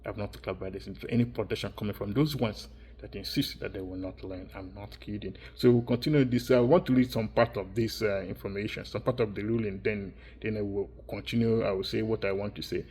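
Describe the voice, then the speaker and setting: Husky low-voiced man rambling insistently. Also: steady tone, a little fast, a little mellow. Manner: repetitive, insistent, circling phrases. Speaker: vlogger. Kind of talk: rambling monologue vlog.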